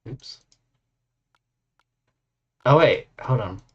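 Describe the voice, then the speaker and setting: A young man playing a game on stream, casually commenting in a puzzled, deadpan way and muttering to himself. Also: mid-range voice, extremely slow, breathy edge, muffled recording.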